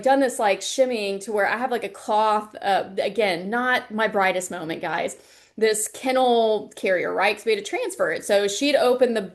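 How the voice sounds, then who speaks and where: Chatty woman, fairly high voice. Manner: chatty storytelling with animated quoted voices. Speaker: university instructor. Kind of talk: casual livestream lecture.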